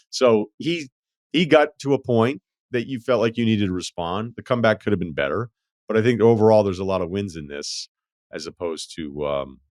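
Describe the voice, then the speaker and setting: Low-voiced wry male podcast host. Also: no echo, clean studio sound. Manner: storytelling, profane, wry. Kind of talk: casual chat.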